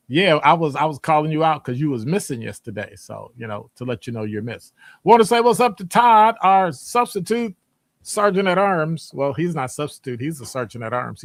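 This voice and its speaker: A man's voice: medium pitch, dry recording. Chatty man hosting a stream. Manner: greets chat viewers by name, lively rises. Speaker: host of a live stream show. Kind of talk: casual live-stream chat and commentary.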